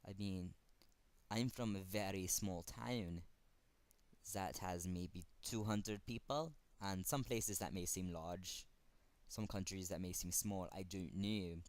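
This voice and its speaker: A man with a German accent speaking earnestly to camera in a fan tribute, halting and pausing often. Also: low voice, a little mellow. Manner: earnest, halting, with frequent pauses. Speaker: fan vlogger.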